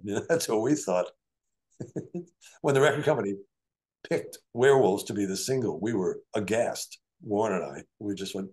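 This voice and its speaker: A man's voice: fairly low pitch, normal speed. An older man telling stories from his career as a musician and producer in a casual interview, acting out quoted voices. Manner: animated storyteller, acts out quoted voices.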